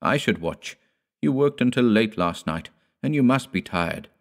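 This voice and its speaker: A man voicing an anxious young village wife in an audiobook, speaking low and pleadingly. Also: lively intonation, unhurried.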